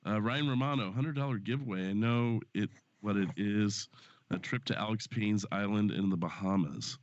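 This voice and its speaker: A man's voice: lowish voice, normal speed, no room sound. A man hosting a live stream, chatting loosely and profanely with friends, his voice stuffy and strained from a sore throat. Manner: loose and profane, reading donations aloud. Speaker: host of a live stream show. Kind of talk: casual live-stream chat and game commentary. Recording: dry, dull lo-fi stream audio.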